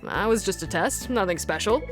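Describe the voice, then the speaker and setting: A woman's voice: mid-range voice, expressive, normal speed, faint music behind, natural voice. A woman reading a polite, chatty neighbor. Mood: friendly.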